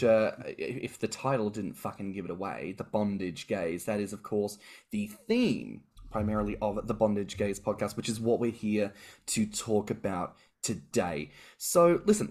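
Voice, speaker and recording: A man with a somewhat low voice co-hosting a podcast. He keeps things loose and jokey, swearing through casual banter with his guests. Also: darkish tone. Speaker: podcast co-host. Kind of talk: casual chat.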